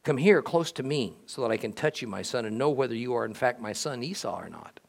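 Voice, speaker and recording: A man reading scripture aloud, voicing a blind old father who speaks in a solemn, measured way. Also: medium pitch, lively intonation, creaky. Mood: tender. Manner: solemn, measured, pronouncing blessings.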